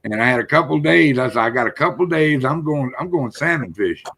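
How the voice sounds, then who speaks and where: Older South Texas host, gravelly, folksy storyteller. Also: male voice, medium pitch, expressive, fast talker, noisy background. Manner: folksy, swears casually. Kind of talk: casual storytelling chat.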